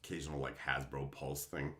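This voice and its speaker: A man hosting his channel, ranting angrily and profanely, swinging from shouting to low muttering. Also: flat delivery, fairly quick, reverberant. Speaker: channel host. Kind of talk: angry rant to camera.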